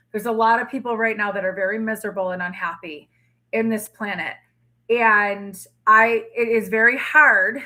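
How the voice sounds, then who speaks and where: Bright-voiced middle-aged woman, emphatic storyteller. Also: on the high side. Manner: storytelling, emphatic, candid with occasional swearing. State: tired, drained throat. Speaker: tarot reader livestream host. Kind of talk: casual livestream chat.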